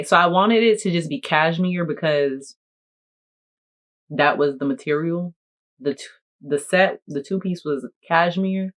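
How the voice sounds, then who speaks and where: A woman content creator chatting casually to camera in a playful, jokey, animated way. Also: deep voice. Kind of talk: casual vlog talk to camera.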